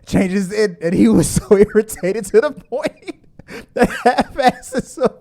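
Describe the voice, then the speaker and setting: Animated middle-aged man hosting a live stream. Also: high-pitched, slow, gravelly. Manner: laughing, animated, reads chat comments aloud. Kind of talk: casual live stream chat.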